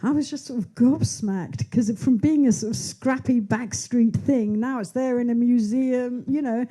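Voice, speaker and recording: In front of a bookshop audience, an author in her sixties talks at her launch event during an onstage conversation. Her voice is fairly high and warm, a little slow, and her talk meanders with frequent restarts and side remarks.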